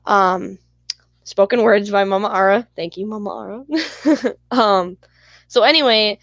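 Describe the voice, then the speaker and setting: Woman vlogger, heated storyteller, swears freely, mid pitch, dry sound. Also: a little slow, fairly bright tone, dry recording. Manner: rambling, profane, heated retelling. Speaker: channel host. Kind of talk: casual storytelling vlog.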